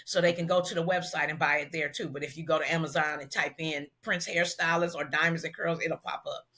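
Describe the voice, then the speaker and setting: A woman's voice: sits low, brisk. A middle-aged woman from Los Angeles, a hairstylist guest telling a story in an interview and acting out the dialogue as she goes. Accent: Southern California African American Vernacular. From Los Angeles, USA. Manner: animated storyteller who acts out quoted dialogue.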